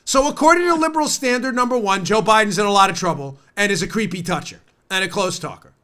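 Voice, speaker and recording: A stuffed-up man hosts a talk show in a high, bright voice that swings up and down a lot. He rants and mocks with heavy sarcasm. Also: expressive, quick pace. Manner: sarcastic, ranting, mocking. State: stuffed up from a cold. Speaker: political talk show host. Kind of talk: opinionated talk show monologue.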